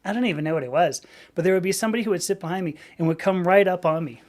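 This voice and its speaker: A woman's voice: fairly low pitch, racing, a little mellow. A woman hosting a live stream, chatting casually in a rambling way and laughing often.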